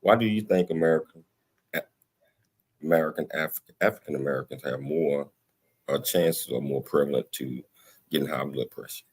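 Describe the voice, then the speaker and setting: A man hosting a radio show, passing on a listener's question in a halting way with fillers and restarts. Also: extremely low pitch, darkish tone, slightly rough.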